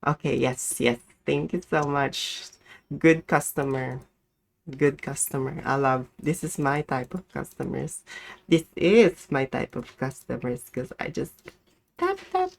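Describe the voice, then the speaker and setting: In a rumbling low, gravelly voice, unhurried, this young woman from the Philippines chats through a live game stream. She swears, talks to herself as she plays, and squeals greetings at customers.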